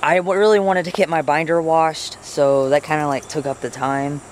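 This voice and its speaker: A man's voice: fairly even intonation, moderate pace, a little hiss or hum. A young adult man vlogging outdoors by a house and garden, talking in a rambling, earnest way. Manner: rambling and earnest, voice jumps high when talking to pets. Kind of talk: casual vlog talk.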